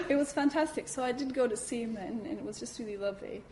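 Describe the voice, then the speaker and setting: A woman giving a talk at a Buddhist centre, telling a personal story in a lively way, acting out her reactions and saying "you know" often. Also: on the high side, fast talker, slight background noise, rough recording.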